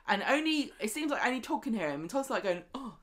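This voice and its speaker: A woman's voice: a little high, big pitch swings, fast talker, a bit bright. A woman co-hosting a podcast, chatting casually and acting out characters' lines as she retells the plot. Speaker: podcast co-host. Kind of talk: casual chat recapping a soap.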